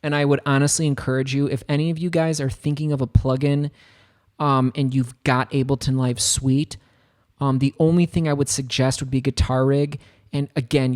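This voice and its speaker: A chatty American man streaming a laid-back production session. He rambles happily from one thought to the next at an ordinary pitch. The talk is relaxed and unscripted. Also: normal speed. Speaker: music producer streaming a tutorial. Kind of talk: casual livestream chat. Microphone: studio microphone.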